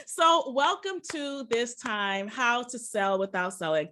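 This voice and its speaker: A woman's voice: fairly high pitch, lively intonation, takes it slowly, sharp tone, a little hiss or hum. A woman presenting a live online business workshop from her office, upbeat and hyped, talking straight to her viewers. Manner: upbeat, hyped, singing and cheering at times.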